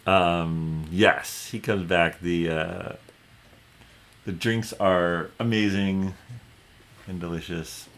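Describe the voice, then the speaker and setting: Deep-voiced man running a tabletop game. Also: slow, pauses often. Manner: relaxed, hesitant with fillers. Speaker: game master.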